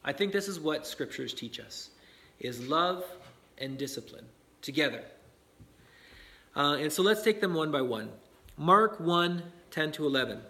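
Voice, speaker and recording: A man's voice: a little high, lively intonation, measured pace, pauses often, pushed and bright. A man preaching a sermon on parenting in a conversational way, with fillers and frequent "right?" checks to the listeners. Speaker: pastor.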